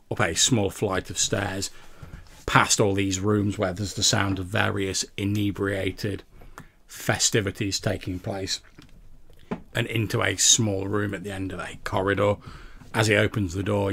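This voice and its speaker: Brief: male game master, low gravelly voice, rambling narration. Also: a bit bright.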